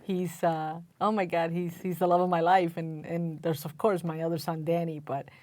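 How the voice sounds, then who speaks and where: A woman in her forties co-hosting a casual talk show, speaking slowly and affectionately with many fillers. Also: fairly low pitch, little pitch movement, a little mellow, no room sound. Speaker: co-host.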